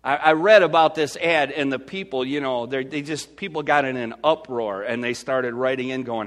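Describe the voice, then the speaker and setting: Animated Midwestern pastor preaching. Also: male voice, on the high side, moderate pace, few pauses. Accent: Midwestern American. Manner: animated preacher, swings from loud to hushed. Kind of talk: sermon.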